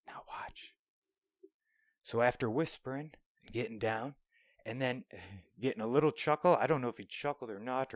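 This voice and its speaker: A man's voice: medium pitch, dry recording, studio quality. A young man hosting a podcast alone, telling a rambling, profane story and dropping into whispers now and then. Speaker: podcast host. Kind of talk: solo storytelling monologue. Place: small room, alone.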